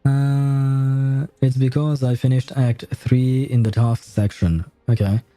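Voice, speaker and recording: A man's voice: mid-range voice, little pitch movement, slow pace, warm tone, no echo. A young man, chatting casually to his stream audience while he plays. He is hesitant, with lots of filler sounds and chuckles. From France. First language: French. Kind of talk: casual gameplay commentary.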